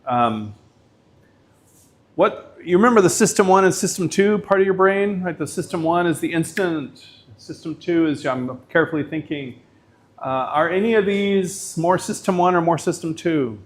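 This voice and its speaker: A man's voice: a little high, moderate pace. Casual middle-aged man lecturing. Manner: casual storytelling, animated, uses filler words. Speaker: visiting professor.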